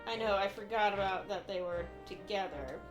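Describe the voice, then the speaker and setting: A woman's voice: mid-range voice, normal speed, over music. A woman playfully reacting and chatting while watching a video game with her husband. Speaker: let's play co-host. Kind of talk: casual gameplay commentary.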